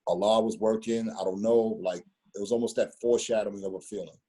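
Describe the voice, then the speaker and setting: A man in his fifties spins a rambling personal story, circling back and repeating himself. His voice sits low and sounds husky. It has a dark, mellow tone. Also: steady tone, quick pace. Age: 50s. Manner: rambling, repeats words, street slang. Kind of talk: casual storytelling conversation.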